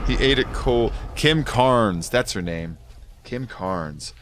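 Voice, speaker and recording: A man's voice: mid-range voice, expressive, takes it slowly, background noise. A man streaming a racing game and chatting casually with viewers, rambling through stories and laughing often. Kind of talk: casual live-stream chat.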